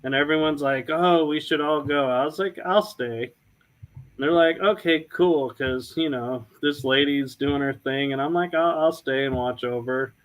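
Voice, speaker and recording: A man's voice: on the high side, moderate pace, fairly bright tone, low-quality recording. A man from the US, a paranormal investigator and podcast co-host, telling an anecdote in casual chat and acting out the quoted dialogue.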